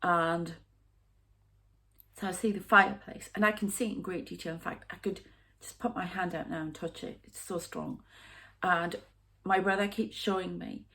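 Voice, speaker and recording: A woman in her fifties, a psychic medium talking through a rambling, halting spiritual vlog monologue with hushed asides. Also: on the low side, steady tone. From United Kingdom. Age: 50s.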